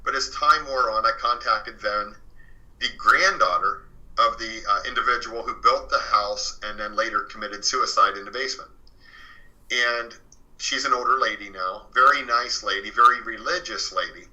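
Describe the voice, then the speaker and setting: A man's voice: fairly low pitch, moderate pace, sharp tone, lo-fi sound. A man recounting a true story as a radio guest, rambling casually with lots of "you know" and restarts. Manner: rambling, fills with "you know" and restarts, retells others' words. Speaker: guest author recounting a haunted house. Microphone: phoned or studio radio interview.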